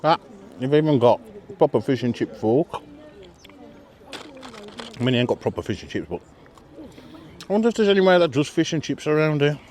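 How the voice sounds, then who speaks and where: A man's voice: fairly high pitch, lively intonation, a little fast, long pauses, darkish tone. A British man hosting a casual food vlog outdoors at a marina, chatting and joking as he eats and reviews the meal. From Britain. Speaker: vlog host.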